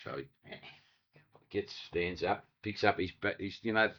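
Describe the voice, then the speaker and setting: On dull, lo-fi archive tape, a deep-voiced older Australian speaks a little slowly with a fairly bright tone. The retired waterside worker tells oral history stories, swearing offhandedly and performing other people's voices.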